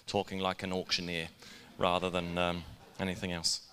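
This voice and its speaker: A man preaching a sermon in a conversational, energetic way, with casual asides to the congregation in a church. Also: deep voice, moderate pace, long reverb tail. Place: church hall.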